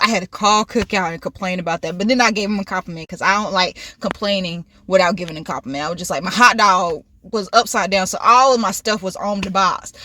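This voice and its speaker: A woman's voice: mid-range voice, pushed and bright. A woman in her twenties telling a casual, rambling story from her car and laughing often. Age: 20s. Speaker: vlogger.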